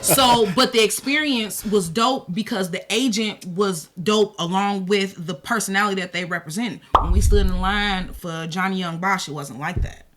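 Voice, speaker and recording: A woman chatting casually on a podcast, telling animated stories with quick asides. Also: mid-range voice, faint music behind.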